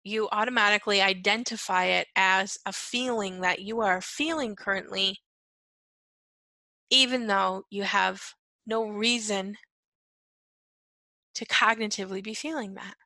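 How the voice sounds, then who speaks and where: A woman with a bright, gravelly voice talks her listeners through a lesson on empathy. She is earnest and repeats her key phrases, checking in with "right?" and "okay". The sound is dry and close. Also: mid-range voice, steady tone, a little slow, pauses often, no echo, poor audio. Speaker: empath coach. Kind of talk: teaching monologue.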